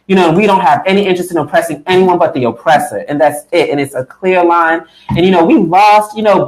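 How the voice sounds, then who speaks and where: A man with a high, light voice tells his story emphatically and conversationally, leaning on "you know" and acting out his past thoughts. He speaks over a computer mic on a video call. A roomy echo hangs around his words. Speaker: guest speaker for a political party. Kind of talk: impassioned personal testimony in a webinar.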